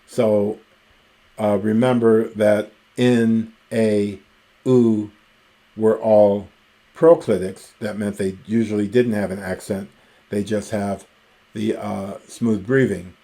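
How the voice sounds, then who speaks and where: A man teaching ancient Greek grammar in a recorded lecture, explaining the rules slowly and methodically and pausing often with ums. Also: lowish voice, fairly even intonation, dark tone.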